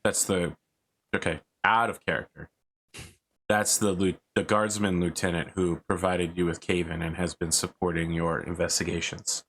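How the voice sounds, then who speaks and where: A man narrating as game master in a relaxed, joking way. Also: deep voice, normal speed, slight background noise.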